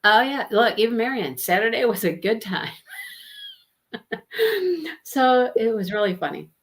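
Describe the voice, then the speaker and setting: Hosting a livestreamed book discussion, a woman talks at a measured pace in a fairly high voice, with a little hiss or hum in the audio. Her casual chat mixes stories, frequent laughter, and readings of viewer comments.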